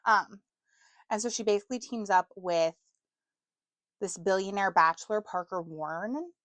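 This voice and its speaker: A woman's voice: mid-range voice, normal speed, a bit bright, dry recording. A woman in her twenties chatting casually to camera about books, self-mocking and stumbling over words now and then. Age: 20s. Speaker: book vlogger.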